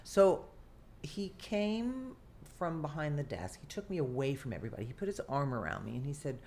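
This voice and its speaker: An older woman, an actress telling a lively story from her career in an interview, often acting out what people said. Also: rumbling low, quick pace, slight background noise. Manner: animated, theatrical storyteller who acts out quotes. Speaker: guest actress.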